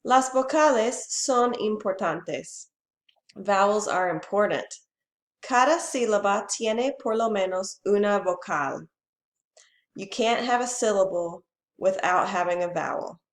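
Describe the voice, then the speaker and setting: A woman teacher gives a slow, clear bilingual lesson, saying each Spanish phrase first and then the English. Her voice sits at a middle pitch and carries a roomy echo.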